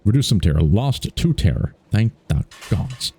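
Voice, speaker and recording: A man's voice: lowish voice, very animated, moderate pace, warm tone, breathy edge. A man hosting a let's play, chatting playfully and reacting aloud to the game. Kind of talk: casual gameplay commentary.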